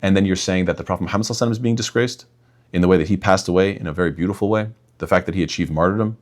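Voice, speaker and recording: Racing along in a low-pitched voice, this young man, an imam who does apologetics, speaks straight to his audience in a forceful rebuttal on religion, frequently addressing them as "guys".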